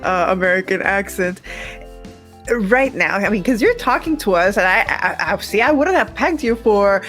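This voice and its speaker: A woman hosts a casual podcast interview, enthusiastic and quick to laugh. Her questions run long and loose. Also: mid-range voice, lively intonation, a bit bright, soft background music. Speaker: podcast host.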